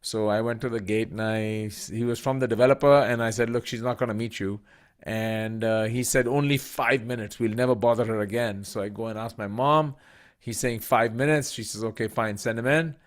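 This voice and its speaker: A middle-aged Indian man, a business school professor and author, tells a personal story during a talk in a lowish, steady voice at normal speed. He narrates vividly, acting out the voices he quotes, and uses plenty of fillers.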